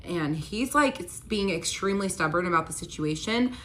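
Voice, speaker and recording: A woman's voice: fairly low pitch, normal speed, fairly bright tone, slight background noise. A young woman telling a personal story in a casual storytime vlog, chatty, with many fillers of "like", acting out quoted lines. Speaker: storytime vlogger.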